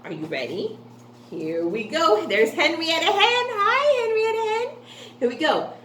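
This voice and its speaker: Sing-song high-voiced woman teacher. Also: very animated, unhurried, fairly bright tone, reverberant, a little hiss or hum. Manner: sing-song, encouraging, asks questions and answers them herself. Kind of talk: phonics lesson for young children.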